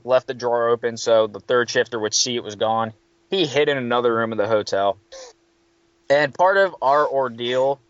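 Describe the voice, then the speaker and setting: A man tells a story in a casual chat, lively and profane, and bumps his voice up whenever he quotes someone. The sound is dry and close with a dull, lo-fi edge. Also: mid-range voice, no room sound. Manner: animated, swearing, quoting others in raised voices. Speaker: hotel worker telling a story.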